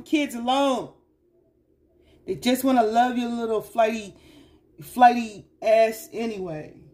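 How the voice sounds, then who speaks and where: A woman giving a casual tarot reading to her viewers, chatty and slangy, teasing and scolding the listener and often asking "you know what I'm saying?". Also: a little high. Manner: teasing and scolding the listener with sudden loud bursts. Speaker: tarot reader.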